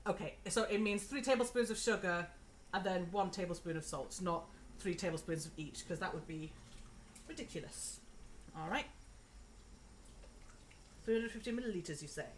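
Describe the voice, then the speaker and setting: A woman's voice: on the low side, moderate pace, long pauses, a little hiss or hum. A woman hosting a live cooking stream from her home kitchen, chatting casually and giggling as she talks through each step.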